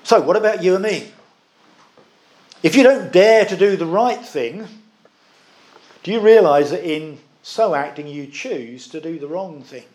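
A man preaching a sermon, earnest and emphatic, with measured pauses. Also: high-pitched, animated, a little mellow.

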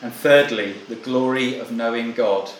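A preacher, a man delivering a sermon to his congregation in an echoey hall. His voice sits at an ordinary middle pitch, and he speaks in an earnest, measured way that sometimes stalls and restarts. A faint ambient hum hangs behind him. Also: fairly even intonation. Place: church meeting hall.

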